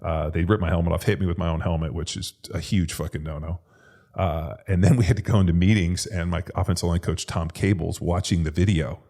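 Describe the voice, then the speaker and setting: A man with a very low voice tells a story in casual podcast chat. He swears constantly and talks in an animated way. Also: fairly quick. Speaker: podcast co-host, former NFL lineman.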